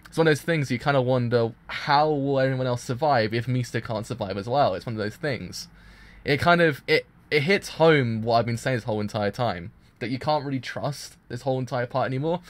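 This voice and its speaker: A man streaming a live anime reaction, gushing and excitable, with many restarts and fillers. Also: mid-range voice, brisk. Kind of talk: casual live reaction commentary.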